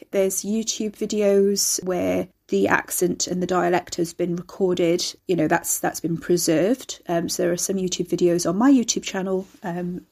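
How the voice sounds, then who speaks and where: A woman who hosts and narrates a serialized story podcast, chatty and apologetic in her asides and steady when reading. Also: fairly low pitch. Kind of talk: reading fiction aloud, with casual intro chat.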